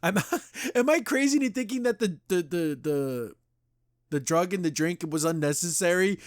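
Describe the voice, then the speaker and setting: Guy doing a chill review podcast, dry close sound, gets animated retelling scenes. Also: fairly high pitch, normal speed, no room sound. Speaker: podcast host. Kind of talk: casual episode review.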